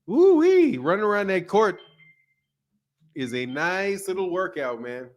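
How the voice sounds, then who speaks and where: A man's voice: high-pitched, expressive, measured pace, fairly bright tone, dull audio. A man hosting a casual livestream, loosely greeting viewers by name in a chatty way. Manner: loose and chatty, reads viewer names aloud. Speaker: livestream host.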